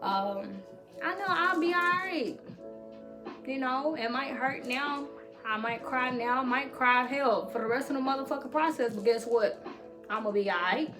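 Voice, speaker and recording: A woman's voice: high voice, normal speed. Profane, reassuring woman vlogger, music behind. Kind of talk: motivational talk to camera.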